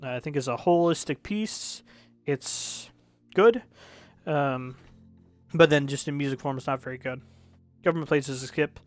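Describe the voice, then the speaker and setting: A man's voice: a little high, moderate pace, pauses often, no echo. A young man casually reviewing music, rambling and correcting himself, frank and a bit profane.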